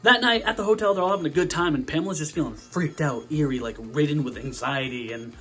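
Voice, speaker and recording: A man's voice: on the high side, fast talker, faint music behind. Slangy young man reviewing horror films. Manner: slangy, profane and animated. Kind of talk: casual movie review.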